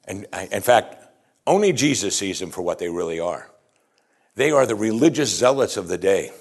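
Emphatic lower-voiced male preacher. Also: moderate pace, gravelly. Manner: animated, emphatic, rhetorical questions to the congregation. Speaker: pastor. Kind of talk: sermon.

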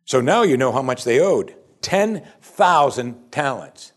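Pastor preaching, dramatic pitch swings. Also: male voice, expressive, a little slow, hardly any pauses. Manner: rising to emphatic peaks, then dropping to soft and quiet; asks the congregation repeated rhetorical questions. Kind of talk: sermon.

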